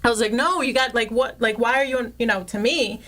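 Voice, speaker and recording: A woman's voice: on the high side, brisk. A woman guest on a community radio interview, telling a personal story casually and acting out the quoted exchanges with a lifted voice. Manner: animated, acts out quoted exchanges with a raised voice; self-described hothead, casual with many "like"s. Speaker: guest, local realtor. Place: radio studio.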